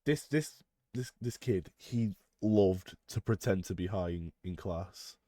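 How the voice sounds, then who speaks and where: A young man with a lowish voice spins a school story for his podcast. He is animated and laughs between lines. The sound is dry and close, with no room around it. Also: slow pace, no echo. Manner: animated storyteller, loud when acting out a shouting teacher, laughs through lines. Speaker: podcast co-host. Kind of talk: casual storytelling.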